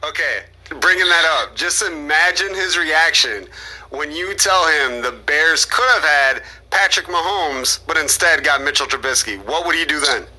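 Bright-voiced man hosting a sports chat. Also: a little high, lively intonation, moderate pace, low-quality recording. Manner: easygoing, asks leading questions. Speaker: podcast host.

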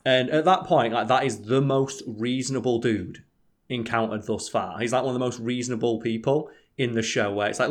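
A man's voice: medium pitch, a little fast. Guy ranting about a show, swears a lot, acts out lines. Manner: animated, swears often, acts out quotes. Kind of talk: casual chat.

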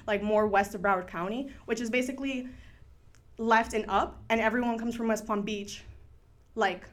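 A woman's voice: a little high, a bit bright. Chatty young woman telling a story. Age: young adult. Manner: chatty, filler-heavy, drops Spanish words. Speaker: student storyteller. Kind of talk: casual storytelling.

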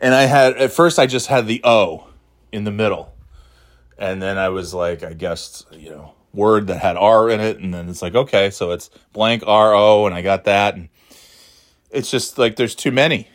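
A man hosting his own podcast who rambles casually, swears freely and laughs often as he talks. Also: lowish voice. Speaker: podcast host. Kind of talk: casual solo chat.

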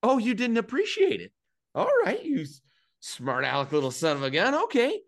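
A woman voicing a frustrated man named Jerry who argues with his smart speaker, exasperated and shouting. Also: medium pitch, wildly swooping pitch, normal speed, vocal fry, pitched above the performer's own voice, full character voice.

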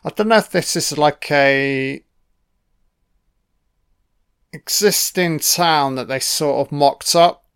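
A man's voice: on the high side, slow pace, long pauses, fairly bright tone, smooth. A man giving a casual, sweary and sarcastic commentary on a film.

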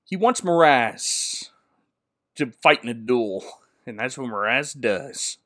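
A man's voice: medium pitch, animated, slow, sharp tone, dry recording, clean studio sound. A man co-hosting a podcast, recapping a film in a casual, jokey way and slipping into mocking voices for the characters. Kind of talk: casual comedic movie recap.

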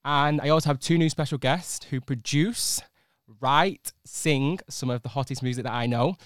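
A man's voice: mid-range voice, moderate pace, a bit bright, clean tone, no room sound. A man with a Manchester accent hosting a podcast in a studio, playful and teasing in casual chat. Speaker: podcast host.

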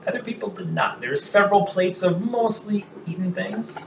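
A man's voice: sits high, moderate pace, creaky. A male game master narrating a tabletop game in a casual, rambling way with frequent laughs. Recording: echoey room from a distance, noisy.

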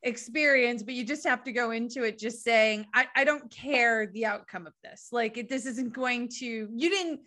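A woman's voice: fairly high pitch, normal speed, few pauses, pushed and bright. A woman co-hosting a casual podcast, upbeat and enthusiastic as she reads listener questions. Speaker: podcast co-host.

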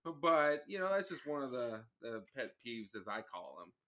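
A man's voice: medium pitch, very animated, normal speed, pushed and bright. A man guesting on a podcast with his wife, chatting in an easygoing, rambling way and often restarting his sentences. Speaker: podcast guest, co-host's husband. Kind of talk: casual chat.

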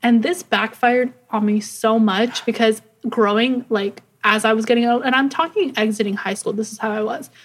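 A woman's voice: fairly high pitch, fairly even intonation, moderate pace, hardly any pauses. A young adult woman co-hosting a podcast, chatting casually and rambling with lots of "like". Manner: rambling, fills speech with "like". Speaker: podcast co-host. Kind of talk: casual chat.

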